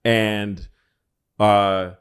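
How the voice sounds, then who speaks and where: Animated man telling a comic history story. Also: on the low side, extremely slow, clear, resonant tone. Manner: animated, profane, rambling. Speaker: podcast co-host.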